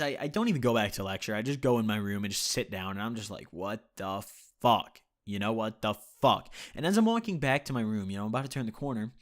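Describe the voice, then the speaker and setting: A man telling a story on his vlog in a casual, profane, rambling way, full of "you know", swinging between loud and quiet. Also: medium pitch. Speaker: YouTube storyteller.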